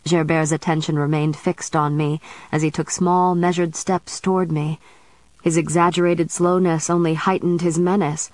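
A woman narrating a novel in the first person as an audiobook reader, in a steady, measured storytelling manner. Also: low-pitched, dry recording, low-quality recording.

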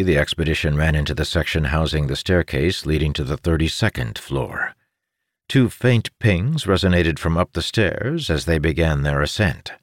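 A man narrating a fantasy audiobook in a measured, expressive storytelling manner. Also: a bass voice, dry recording, clean studio sound.

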